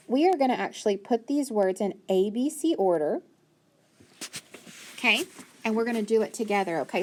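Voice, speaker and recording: Female teacher, phonics lesson, calm and patient, sounds words out slowly for small children. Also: mid-range voice.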